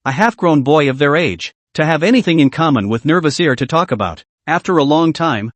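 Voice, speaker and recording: A man's voice: on the high side, lively intonation, a little fast, dry recording. A man narrating a recap story in a scripted storytelling style, slipping into the characters' quoted lines.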